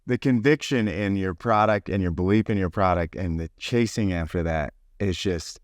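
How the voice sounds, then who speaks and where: A man's voice: deep voice, moderate pace, no room sound, studio quality. A man hosting an interview, responding with enthusiasm and praise. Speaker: interviewer host. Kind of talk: casual interview.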